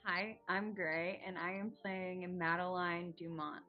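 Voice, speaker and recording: A woman's voice: fairly low pitch, steady tone, a little slow, lo-fi sound, faint music behind. A woman playing in a tabletop game, talking eagerly and pleading her case. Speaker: player. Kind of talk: casual tabletop game planning.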